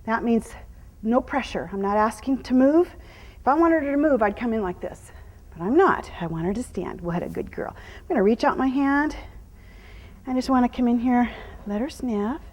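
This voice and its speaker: A middle-aged woman with a somewhat high voice, teaching a live horse-training clinic. She explains each step calmly and patiently, then turns to murmur soft praise to the horse. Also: normal speed, long reverb tail. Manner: calm teaching voice, breaking into soft praise and hushed whispers to the horse. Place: horse arena during a clinic.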